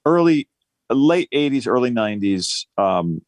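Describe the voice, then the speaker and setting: A man's voice: mid-range voice, big pitch swings, unhurried, no echo. A middle-aged man from New Jersey, a musician guest telling rambling, self-deprecating stories in a casual interview.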